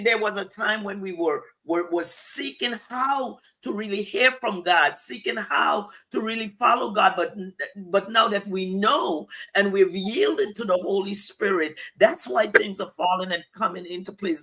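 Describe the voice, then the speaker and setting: A woman's voice: medium pitch, a bit bright. An older woman in church leadership, speaking earnestly in a preaching style about faith. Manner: earnest, exhorting.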